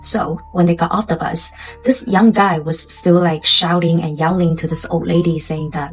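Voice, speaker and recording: A woman's voice: lowish voice, steady tone, normal speed, soft background music, rough recording. A woman telling a spooky tale to her viewers in a chatty, casual way, full of fillers. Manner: chatty, loose phrasing with many fillers. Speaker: storyteller.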